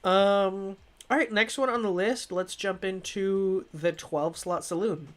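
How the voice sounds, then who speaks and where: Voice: medium pitch, steady tone, a little slow. Game streamer, casual live-stream chat, slightly stuffy from a cold, rambling, self-correcting, desk mic. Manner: rambling and self-correcting, with frequent restarts and laughs. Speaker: streamer reviewing games.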